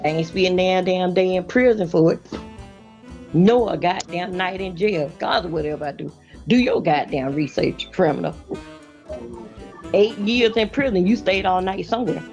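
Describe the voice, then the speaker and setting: A woman's voice: lowish voice, normal speed, darkish tone, soft background music. A woman in casual group-call chat, lecturing and ranting with plenty of profanity.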